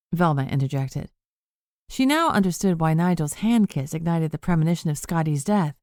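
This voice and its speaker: A woman narrating a cozy mystery audiobook in a steady storytelling voice. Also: low-pitched, moderate pace, no room sound, clean studio sound. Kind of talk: scripted narration.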